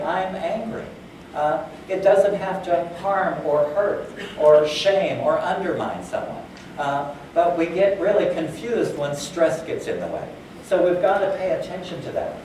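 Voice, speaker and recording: A man's voice: on the high side, darkish tone, slight background noise. A man giving a conversational conference talk, with plenty of fillers, who acts out the dialogue he quotes. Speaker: conference speaker. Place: conference hall. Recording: echoey hall, far from the mic.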